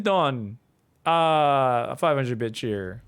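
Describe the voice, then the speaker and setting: A man's voice: mid-range voice, very animated, takes it slowly, clean tone. A man, casually commentating a strategy game and chatting with viewers in a rambling, laid-back way. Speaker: StarCraft coach and streamer.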